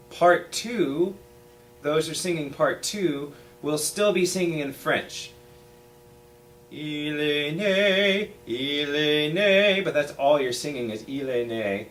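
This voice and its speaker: A man with an ordinary mid-range voice guides a group of young singers through pronunciation, step by step. He talks slowly and patiently, like a teacher in rehearsal. A faint noise sits under the recording. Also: medium pitch. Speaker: choir teacher. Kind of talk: rehearsal instruction.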